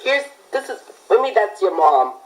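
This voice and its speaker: Teen boy drawling slow jokes, voice swings up and down, faint noise behind. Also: high-pitched, very animated. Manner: joking, teasing, repetitive. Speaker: reaction video maker. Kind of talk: casual reaction video.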